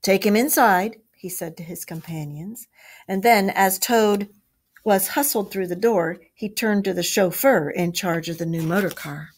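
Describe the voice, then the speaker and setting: A woman teacher reading a storybook aloud to a class, expressive, with chatty asides. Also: lowish voice, a little slow, slightly rough.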